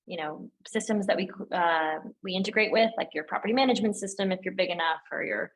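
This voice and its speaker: A young woman speaking as a guest in a casual interview, animated and chatty, filling her talk with "like" and "um". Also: medium pitch, quick pace, rough recording. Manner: animated and chatty, heavy use of "like" and "um". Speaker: guest, operations lead at a tech firm.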